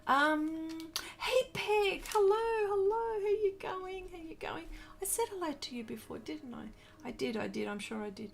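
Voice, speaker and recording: A woman's voice: sits high, normal speed, vocal fry, a bit bright. Gushing woman chatting while painting. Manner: gushing, effusive, reads viewer comments aloud. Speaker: art livestream host. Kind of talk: casual livestream chat while painting.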